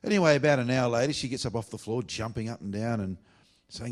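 An evangelist preacher, telling healing stories in a blunt, emphatic sermon. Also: male voice, mid-range voice, fast. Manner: animated storytelling, blunt and emphatic.

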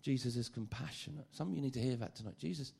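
A man preaching a sermon, lively and joking, often stammering and repeating phrases. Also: mid-range voice, fast talker, creaky, breathy edge.

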